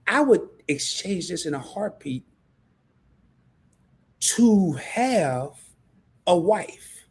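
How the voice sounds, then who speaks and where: A man hosting a casual livestream talk, animated and preachy, with frequent stumbling restarts. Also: sits high, very slow, breathy edge. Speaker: livestream host.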